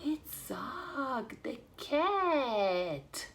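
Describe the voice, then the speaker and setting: A young woman teaching English to small children online in a slow, sing-song, animated way. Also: sits high, a little hiss or hum. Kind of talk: online kids' English lesson.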